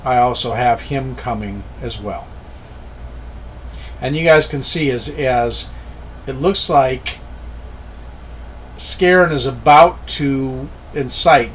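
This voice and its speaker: A man runs a tabletop game, narrating the action at an unhurried, deliberate pace. His voice sits in a middle pitch, and faint background noise runs under it. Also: a bit bright. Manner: slow, descriptive storytelling. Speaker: game master.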